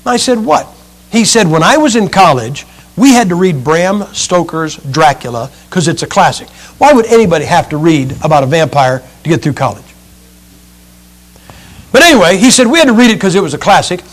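Male preacher with a high voice, emphatic sermon delivery, swings between loud and hushed. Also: very animated, fairly quick.

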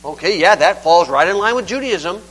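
A man's voice: high-pitched, animated, a little fast, a bit bright, poor audio. An older man preaching a sermon in a folksy, conversational and emphatic way.

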